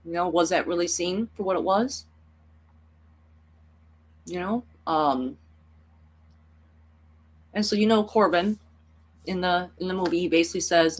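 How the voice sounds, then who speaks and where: Woman tarot reader vlogging, kinda husky, rambly and emotional, lots of "like". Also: lowish voice, measured pace, pauses often. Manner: rambling, heavy on fillers like "like" and "you know"; earnest and emotional. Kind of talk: reflective personal vlog.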